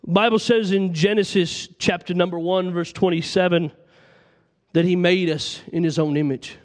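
Very high-voiced man preaching. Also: steady tone, normal speed. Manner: impassioned, reciting scripture aloud. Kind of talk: sermon.

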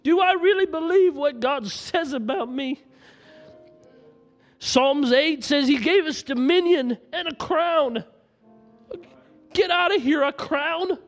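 A man's voice: extremely high pitch, slow pace, faint music behind. A man preaching a sermon, passionately reciting scripture aloud to his congregation.

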